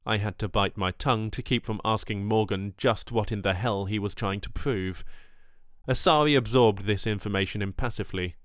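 A man narrating a first-person story in a measured audiobook delivery. His voice is low and smooth, and the recording is dry and close. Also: dry recording.

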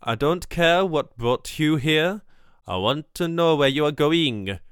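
A man's voice: on the high side, lively intonation, measured pace, smooth, no room sound, clean studio sound, pitched above the performer's own voice. A man voicing a stern alien prison leader who talks impassively and stresses his syllables oddly, as an audiobook character. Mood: stern, probing.

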